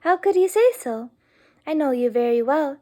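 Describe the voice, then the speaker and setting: Gushing young lady voiced by a woman, breathless exclamations, high voice, mellow tone. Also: lively intonation, moderate pace.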